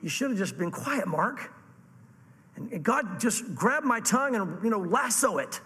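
A man preaching a sermon to a congregation, animated and acting out the voices he quotes. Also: high voice, moderate pace, husky, big-room sound. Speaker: pastor.

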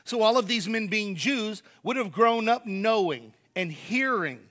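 Man, pastor, sermon, emphatic, repeats key words, high voice. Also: expressive, a little slow, pushed and bright.

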